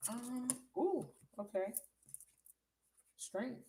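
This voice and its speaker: A woman's voice: mid-range voice, a little slow, a little hiss or hum. A woman reading tarot for viewers on a live stream, chatty and blunt, swearing freely and calling them baby. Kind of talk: casual live reading chat. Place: at home.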